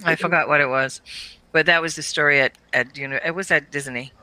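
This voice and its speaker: Middle-aged woman, bright voice, animated storyteller who laughs a lot. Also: low-pitched, fairly quick, no room sound, poor audio. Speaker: guest storyteller, mother. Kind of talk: casual storytelling.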